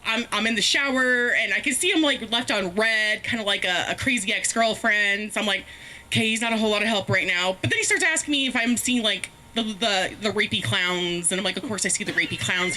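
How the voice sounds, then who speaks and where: A woman's voice: medium pitch, fairly quick, pushed and bright. A woman telling a rambling, profane, self-mocking story as a stand-up comedian, laughing often. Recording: faint background noise, live stream.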